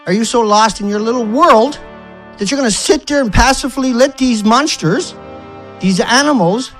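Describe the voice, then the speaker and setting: With soft music behind him, an environmental activist vlogger rants in outrage, throwing out rhetorical questions and insults alongside some swearing. His voice is very high-pitched and a bit bright, delivered at a moderate pace.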